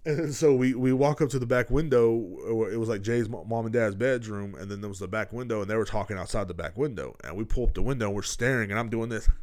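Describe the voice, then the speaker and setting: A man's voice: on the low side, fast talker, hardly any pauses, darkish tone. A man, hosting a podcast and telling rambling, profane stories, laughing as he goes. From Texas. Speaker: podcast host. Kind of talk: casual storytelling.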